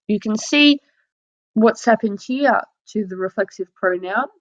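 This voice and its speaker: A French teacher, a woman with a mid-range voice, takes her time as she walks through a lesson over slides, explaining patiently and modelling example phrases. The audio is dull and lo-fi.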